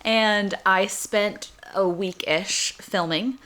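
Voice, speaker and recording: A woman's voice: mid-range voice, fairly even intonation, very slow, a bit bright. A young woman vlogger chatting casually and upbeat while baking in her home kitchen. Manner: chatty, upbeat, self-deprecating.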